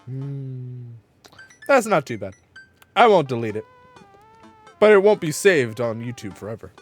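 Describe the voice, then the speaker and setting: A man's voice: mid-range voice, sing-song, a little slow, faint music behind. Joking man streaming a game. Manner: joking asides, reads game messages aloud. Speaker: streamer playing a dating game. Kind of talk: casual let's-play commentary.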